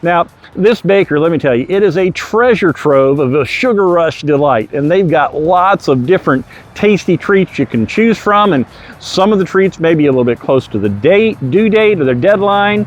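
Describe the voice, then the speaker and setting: A man's voice: fairly high pitch, lively intonation, moderate pace. An older man, a real estate agent, narrating a casual video tour in a folksy, chatty way outside a bakery. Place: outdoors in front of a bakery.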